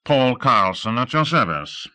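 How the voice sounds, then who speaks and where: A man's voice: mid-range voice, very animated, unhurried, sharp tone, voice pushed up, exaggerated voice. A man narrator voicing a genial, effusive colonel with a faintly British manner. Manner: hearty, courtly.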